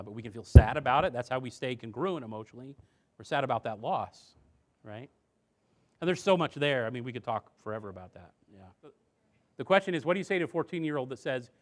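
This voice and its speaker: In front of a live audience, a man talks through a seminar about parenting and addiction. His style is conversational, full of rhetorical questions and voices he acts out, and his tone goes quiet and low when he gets earnest.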